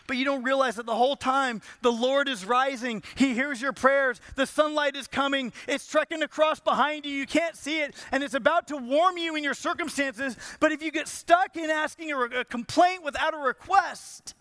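A man from Southern California delivers a sermon in a very high, bright voice. He tells a personal story and slips into pleading, acted-out prayers. The sound is close and dry. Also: a little fast, no echo. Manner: storytelling preacher who acts out prayers in a pleading voice. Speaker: pastor.

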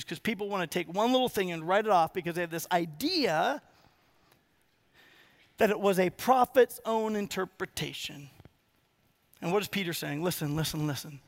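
A man preaching a sermon, animated, acting out quotes in changing voices. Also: high voice, no echo. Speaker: pastor.

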